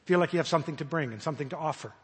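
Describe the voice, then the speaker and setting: A high-voiced man with a husky edge preaches a sermon, earnest and searching. He stumbles and restarts as he voices imagined prayers aloud. His words ring with the long reverb of a large hall. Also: racing.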